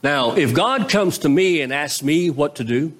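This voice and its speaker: Here the pastor's intonation is lively and his pace moderate, with a slightly bright tone. He keeps the sermon conversational, tossing rhetorical questions to the congregation as his pitch rises and falls.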